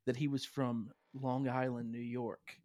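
On a casual podcast, the young host, whose accent is Southern US, narrates stories with animation and laughs a lot. He talks a little slowly in a mid-range voice, with no room sound.

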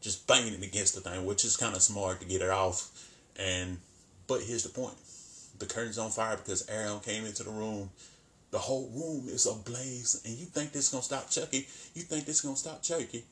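Male vlogger, low-ish voice, loose colloquial recap, laughs a lot. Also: moderate pace. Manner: animated, colloquial, laughs often. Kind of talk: casual commentary.

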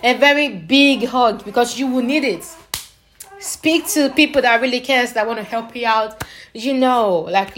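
A young adult woman ranting casually in a vlog, animated and repetitive, laughing between phrases and tired. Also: on the high side, a little hiss or hum. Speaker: vlogger.

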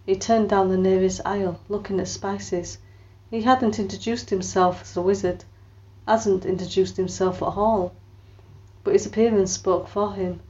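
Woman reading a story aloud, expressive. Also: mid-range voice, moderate pace, highs cut off. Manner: expressive storytelling, lifts her voice for quoted lines. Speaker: audiobook narrator. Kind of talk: scripted narration with character voices.

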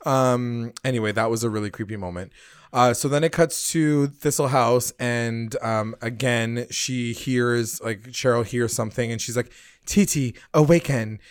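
A man's voice: mid-range voice, moderate pace, clear, resonant tone, no echo, studio quality. Casual swearing male podcast recapper. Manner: animated, swears a lot, acts out characters' lines. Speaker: podcast host recapping a TV episode. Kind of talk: casual chat.

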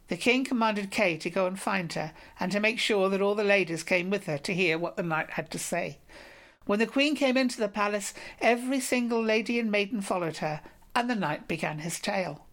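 A woman narrates an old romance with steady, clear storytelling. Her voice sits in a middle pitch, even and unhurried in its delivery. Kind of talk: audiobook reading of a medieval romance.

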